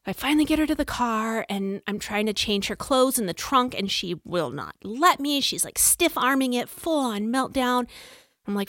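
A woman in her thirties telling a story in casual chat, animated and acting out what others said. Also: high-pitched, normal speed, dry recording, clean studio sound. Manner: animated storytelling, acts out quotes.

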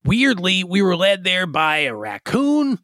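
A man playing a goblin in a tabletop game, speaking slowly and playfully. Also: high-pitched, big pitch swings, pushed and bright, dry recording, studio quality. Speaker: player.

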